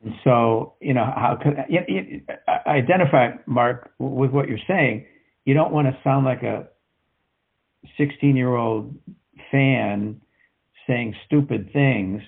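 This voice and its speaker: A man's voice: mid-range voice, gravelly, husky. An older American man chatting casually, hesitant and full of fillers. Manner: halting, with many fillers. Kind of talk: casual chat. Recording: phone-like narrow audio.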